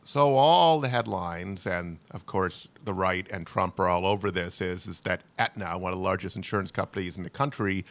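A man's voice: low voice, a bit bright. A man co-hosting a political talk show, explaining the news earnestly with frequent restarts. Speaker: co-host.

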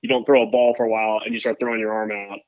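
A man's voice: lowish voice, flat delivery, racing, dry recording, highs cut off. A man co-hosting a podcast, talking football in a loose, rambling way. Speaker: podcast co-host. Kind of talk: casual sports chat.

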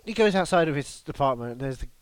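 A man's voice: on the high side, lively intonation, fast talker, clear, resonant tone, no room sound. A man hosting a casual comedy podcast, riffing in a jokey, mock-serious way.

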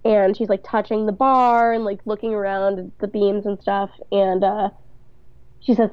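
A woman's voice: medium pitch, level tone, moderate pace, smooth, dry recording. A woman co-hosting a podcast, chattily recapping a show, reading quotes aloud and swearing casually. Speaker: podcast co-host. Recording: dull, muffled dry mic.

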